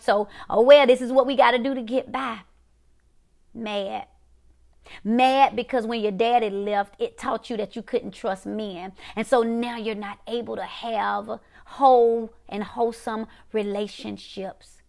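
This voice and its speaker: A woman preaching, emphatic and repetitive, dropping to quiet one-word punches. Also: fairly high pitch, creaky. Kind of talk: prophetic preaching to a viewing audience.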